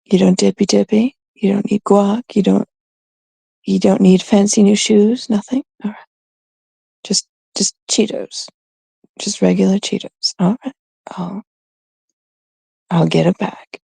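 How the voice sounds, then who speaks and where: A woman's voice: mid-range voice, steady tone, slow, creaky, long pauses, dark tone, husky, no room sound. A middle-aged woman with a Canadian accent, hosting a livestream in casual, rambling chat with viewers, cursing freely. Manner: profane and rambling. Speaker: livestream host.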